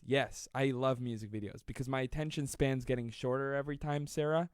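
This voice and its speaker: A man in his twenties hosting a live stream, reading viewer comments aloud and joking with a fast, self-deprecating manner. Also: medium pitch, fairly even intonation, darkish tone, smooth, no echo, clean studio sound. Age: 20s. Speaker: livestream host.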